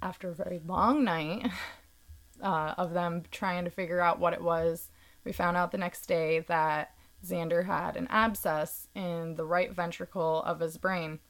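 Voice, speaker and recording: Low-voiced woman explaining carefully. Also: steady tone, measured pace. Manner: earnest, explaining carefully with fillers. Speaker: podcast guest. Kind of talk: casual conversational explanation.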